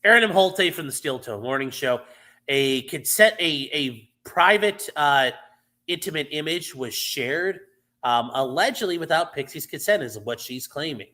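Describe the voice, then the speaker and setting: Man, fairly high, bright voice, live stream host, casual legal commentary, lots of ums. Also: expressive, normal speed. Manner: explanatory, many fillers and restarts.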